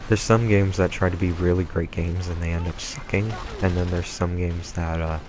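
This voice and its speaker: A man's voice: deep voice, flat delivery, normal speed, over music, rough recording. A man giving casual gameplay commentary, rambling through tangents with lots of ums and uhs. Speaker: let's play gamer. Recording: home mic with clear background noise.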